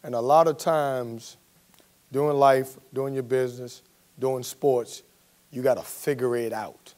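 A college basketball coach giving a storytelling speech to a business audience and acting out the quotes. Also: male voice, medium pitch, slow pace. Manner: storytelling, animated, acts out quotes.

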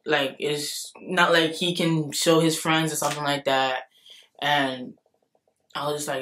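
A young adult woman talking in a casual storytime vlog, dramatic and animated, laughing things off and acting out what people said. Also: sits low, measured pace, a little hiss or hum. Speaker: vlogger.

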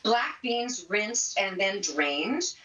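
A woman's voice: medium pitch, big pitch swings, extremely slow, reverberant, far from the mic, lo-fi sound, noisy background. A woman cheerfully demonstrating a no-cook recipe on a morning TV show, chatting casually with jokes about herself. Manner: chatty, upbeat, self-deprecating humor. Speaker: cooking segment guest. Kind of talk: casual cooking demo chat.

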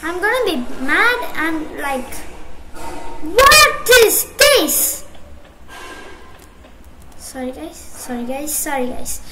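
A woman giving casual gameplay commentary as a streamer, excitable and apologetic, with sudden bursts of shouting. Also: high-pitched, unhurried, hardly any pauses. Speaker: mobile game streamer. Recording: echoey room, loud background noise. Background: loud ongoing noise and clicks.

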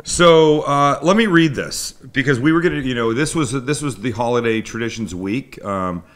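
A man's voice: mid-range voice, normal speed, a bit bright. A man with a Canadian accent hosting a live cooking show, chatting loosely with his crew in a rambling, self-deprecating way. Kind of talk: casual live-stream chat. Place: home kitchen studio with crew.

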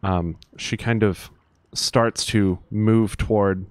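A man narrating a tabletop game as game master, pausing often with fillers. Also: lowish voice, fairly even intonation, no room sound. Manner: hesitant, many fillers.

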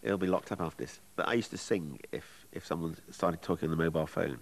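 A man's voice: low-pitched, quick pace, creaky, slight background noise. A man telling a comic anecdote in a mocking way, mimicking people on the phone. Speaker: interviewee.

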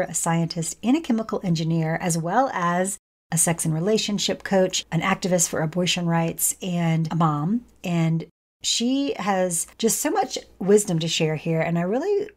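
A woman's voice: on the low side, darkish tone. A woman hosting a podcast, introducing her guest in a gushing, rambling way. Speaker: podcast host. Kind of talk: podcast interview.

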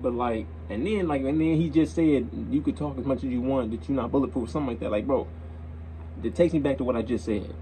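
A man's voice: medium pitch, fast talker, mellow, a little hiss or hum, low-quality recording. A young man hosting a reaction video, talking in a casual, slangy way and repeating himself as he gets worked up.

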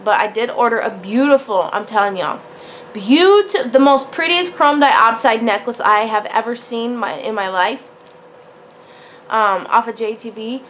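A woman's voice: fairly high pitch, a bit bright, slight background noise. A woman talking casually to camera about her jewelry, chatty and full of fillers, calling the viewers y'all and honey. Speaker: jewelry vlogger. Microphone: camera on a tripod.

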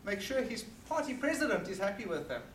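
A South African man giving an earnest, forceful talk to an audience at an evening meeting. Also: high voice, very animated, brisk, slight background noise. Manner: earnest and forceful, emphatic repetition. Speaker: guest speaker. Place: meeting hall. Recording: roomy hall recorded from a distance.

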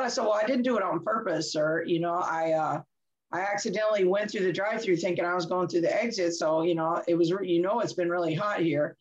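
Animated woman telling a candid story. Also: lowish voice, brisk, dull audio. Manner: animated, laughs often, acts out quoted dialogue. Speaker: interview guest.

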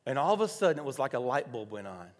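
A male pastor preaching a sermon, telling a personal story softly and then rising to loud, emphatic declarations. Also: medium pitch, big pitch swings, quick pace. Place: church sanctuary. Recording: long hall reverb.

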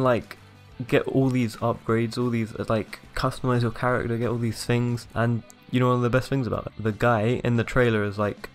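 A man casually retelling a game demo in an upbeat, rambling way, filled with acted-out quotes. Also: mid-range voice. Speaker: gaming YouTuber. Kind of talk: excited casual commentary.

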